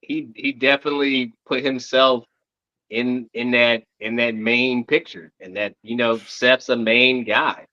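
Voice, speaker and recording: Male co-host, laid-back, sharp bright tone, dull lo-fi dry recording. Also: medium pitch, fairly even intonation, unhurried, no room sound. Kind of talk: casual wrestling chat. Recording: dull lo-fi mic.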